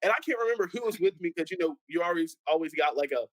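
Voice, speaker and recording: A young man tells his stories in a loose panel conversation, slipping into the voices of the people he quotes. His voice sits a little high. The sound is close and dry. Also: fast, dry recording, poor audio. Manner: animated storyteller, acts out quoted voices. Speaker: pastor's son guest. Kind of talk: casual panel chat.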